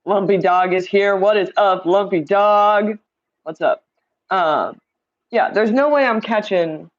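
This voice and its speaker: This Indiana livestream host keeps up casual, chatty talk, greeting viewers by name and reading their comments out loud. She has a medium-pitched voice and takes her time speaking. Her streaming setup mic gives a lo-fi sound.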